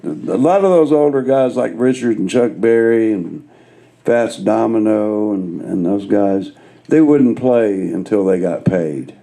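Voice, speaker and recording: Male guitarist, gravelly and mellow, relaxed live storyteller. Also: lowish voice, measured pace. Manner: laid-back, self-mocking anecdotes. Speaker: guest guitarist.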